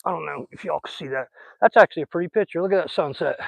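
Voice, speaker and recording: A man's voice: on the high side, rapid-fire, gravelly, no room sound. A man, chatting folksy and casual while fishing outdoors on a riverbank and recording on a phone, sweet-talking the fish he catches. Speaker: fishing vlogger.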